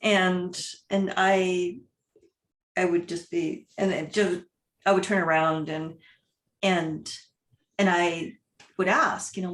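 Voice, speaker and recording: Woman moderator, animated anecdote, roomy echo. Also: on the low side, slow pace, long pauses. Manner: animated, laughing storyteller. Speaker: discussion moderator. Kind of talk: casual group discussion. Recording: echoey room.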